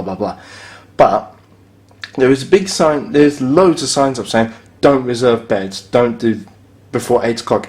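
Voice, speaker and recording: With a medium-pitched voice and a darkish tone, a man talks through a casual hotel review while holding the camera in his room. He complains bluntly and a bit sarcastically about broken fittings, in an offhand way.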